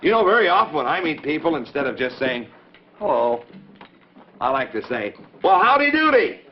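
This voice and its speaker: A man's voice: mid-range voice, very animated, moderate pace, a little hiss or hum. A man hosting a 1940s children's television show, hearty and coaxing as he calls out to the kids. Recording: dull old 1940s TV recording.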